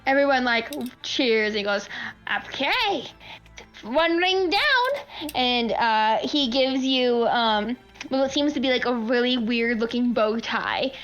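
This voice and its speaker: A woman narrating as game master of a tabletop game, rambling with lots of fillers and quick to laugh. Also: a little high, fairly even intonation, smooth, dull audio, soft background music.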